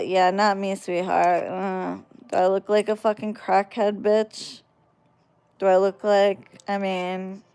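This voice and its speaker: A woman's voice: medium pitch, darkish tone, smooth. A woman livestreaming casually, reading chat aloud and trash-talking viewers in a brash, drawling way.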